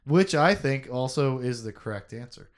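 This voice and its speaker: A man co-hosting a podcast, chatting casually about a novel in an animated, jokey way, thinking out loud with many restarts. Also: medium pitch, normal speed. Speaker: podcast co-host. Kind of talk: casual book discussion.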